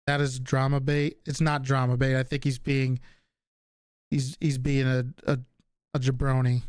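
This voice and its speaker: A man with a slight Northeastern US accent speaks in a darkish, resonant, mid-range voice, flat and at a moderate pace. He chats casually with stream viewers, reading their questions and tossing off answers with casual swearing. The audio is clear, clean studio sound with no echo.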